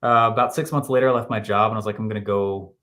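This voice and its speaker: A man in his thirties, a podcast guest telling a story in lively fashion, laughing often and acting out what people said. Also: fairly low pitch, racing. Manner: animated, laughs often, acts out quotes. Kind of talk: storytelling interview answer.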